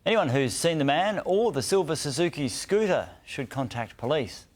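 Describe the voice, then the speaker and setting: An Australian man presenting the evening news from the studio with crisp, even delivery. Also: fairly high pitch, moderate pace, a little hiss or hum.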